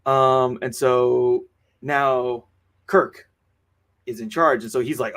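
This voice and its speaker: Unhurried and fairly even in intonation, a man with a mid-range, slightly bright voice co-hosts a podcast, recapping movie scenes in a casual film chat full of fillers and restarts.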